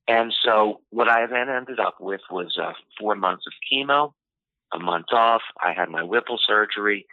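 Lower-voiced man on a tinny phone line. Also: dry recording. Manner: unhurried, many "you know" fillers. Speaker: interview guest. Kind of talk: telling a personal story in conversation.

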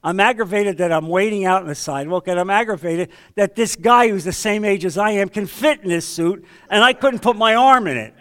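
A man leading a men's Bible study, teaching in a conversational sermon style and telling stories with sudden swings between loud and hushed delivery. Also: sits high, a little fast, few pauses, smooth. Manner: storytelling, acts out quoted voices, swings between loud and hushed.

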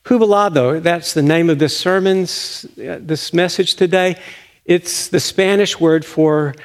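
A man's voice: a little high, unhurried. An older man, a retiring pastor preaching a folksy, storytelling sermon in a church sanctuary.

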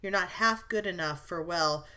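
A woman reading the lines of a spirited young woman who scolds briskly and comforts her sister tenderly, in an audiobook. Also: lowish voice, pushed and bright, smooth.

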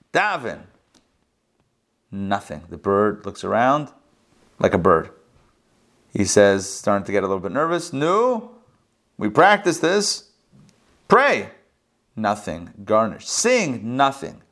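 Brief: male teacher, mid-range voice, lively joke-telling in class. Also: medium pitch. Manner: animated, chatty storyteller.

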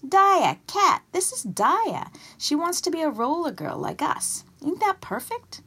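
A woman voicing a feisty old woman, a former roller derby skater, who hollers loud and brassy. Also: fairly high pitch, big pitch swings, takes it slowly, voice pushed up, heavily acted. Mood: hollering.

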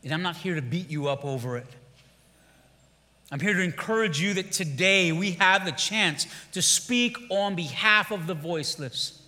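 A man preaching a rousing sermon in a large church sanctuary. His voice sits very high and rings with a sharp, piercing brightness, and it carries a long reverb off the hall walls. He drives his points home through repetition and calls for the congregation to answer back. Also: moderate pace. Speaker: pastor.

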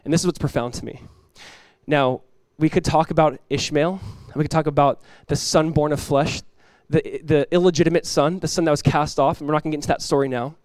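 A male pastor delivers an animated sermon, moving between fast asides and acted-out voices from the story. His voice sits a little high for a man. The sound is dry and close, with little room around it. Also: dry recording. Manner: animated preaching, acts out quoted voices, laughs. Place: church.

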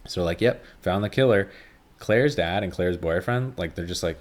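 Deep-voiced rambling podcast man. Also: unhurried. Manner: rambling, filler-heavy, swears freely. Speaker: podcast host. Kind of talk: casual solo podcast talk.

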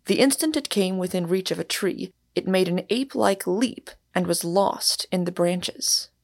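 A woman hosting a podcast, reading a novel chapter aloud in measured storytelling narration. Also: lowish voice, darkish tone. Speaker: podcast host and reader. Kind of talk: audiobook narration.

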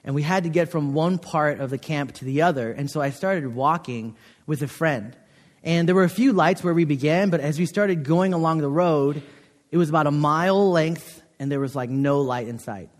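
A man's voice: fairly high pitch, moderate pace. Man preaching in an echoing chapel. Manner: conversational and earnest, with frequent fillers. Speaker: chapel speaker. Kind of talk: chapel sermon with personal story. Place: college chapel. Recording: long hall reverb.

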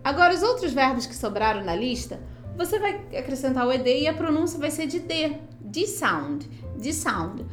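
High-voiced woman teacher in an echoey room. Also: expressive, soft background music. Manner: brisk, checks in with "tá bom?" and "entendeu?". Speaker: English teacher. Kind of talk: explaining pronunciation.

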